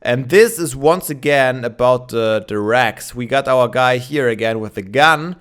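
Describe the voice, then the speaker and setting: Young male let's player, smooth clear voice, rambling casual commentary, morning voice. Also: medium pitch, a little slow, a bit bright. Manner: chatty, thinking aloud with many fillers.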